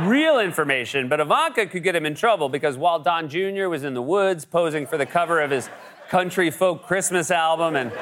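A man's voice: a little high, a bit bright, slight background noise. Sarcastic male late-night host. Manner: sarcastic, mocking impressions. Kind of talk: comedic monologue. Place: television studio with audience.

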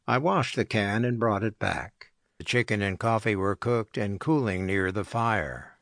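Gravelly, dry male audiobook narrator. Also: lowish voice, dry recording. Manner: measured, even storytelling. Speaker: audiobook reader.

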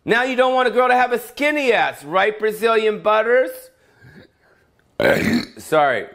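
Brief: middle-aged male comic, crude meandering weekly rant, slightly raised pitch. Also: big pitch swings, unhurried, creaky, fairly bright tone. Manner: profane, rambling, full of fillers. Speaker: comedian. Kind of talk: solo comedic rant.

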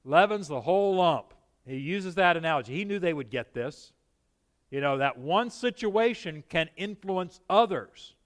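A man preaching a sermon in an animated, emphatic way, often putting questions to his listeners. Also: on the high side, moderate pace.

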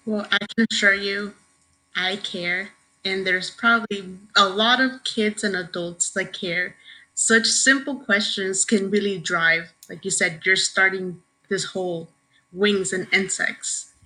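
A woman podcast host reading a short narration segment and chatting in a measured way. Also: medium pitch, steady tone, sharp tone, poor audio. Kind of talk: scripted narration segment and casual chat.

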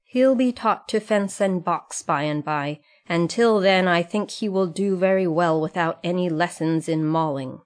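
A woman voicing a stern fatherly male schoolmaster in an audiobook, speaking slowly and firmly. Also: fairly low pitch, natural voice. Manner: slow, firm and measured. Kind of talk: audiobook character reading.

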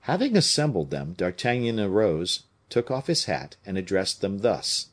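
A man narrates a classic novel for an audiobook in an expressive, even-paced way. His voice sits very low, yet his phrasing moves with a lively rise and fall. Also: normal speed, hardly any pauses. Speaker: audiobook reader.

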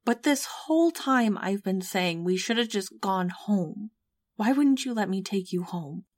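A woman voicing a worried young female companion, speaking softly and slowly, reproachful at times. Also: medium pitch, expressive, dry recording, studio quality.

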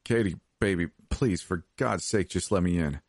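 Man as a gentle, pleading young man. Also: low voice, normal speed, no echo, clean studio sound.

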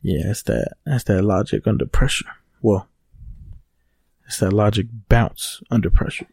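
A man's voice: on the low side, unhurried, creaky, a little mellow, no room sound. Profane, laughing young man podcaster. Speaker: podcast co-host. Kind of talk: casual chat.

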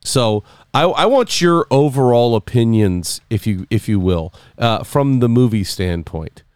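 Lively-voiced podcast host, dry mic. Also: male voice, medium pitch, measured pace, smooth, dry recording. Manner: animated, joking, plans the episode. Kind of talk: casual chat.

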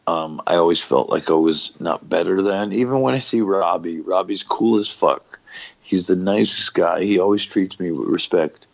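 A man's voice: low-pitched, moderate pace, gravelly, muffled recording. A middle-aged man, a former pro wrestler, talking candidly in an interview, raw and profane, stopping and restarting often.

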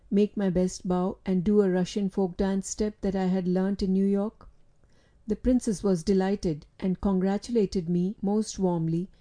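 A woman narrating a storybook in a steady, clear reading voice. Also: mid-range voice. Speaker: audiobook reader.

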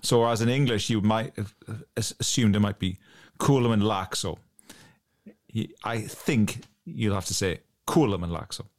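A man's voice: lowish voice, normal speed, few pauses. A man co-hosting a podcast in casual chat, hesitant, with many restarts. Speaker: podcast co-host.

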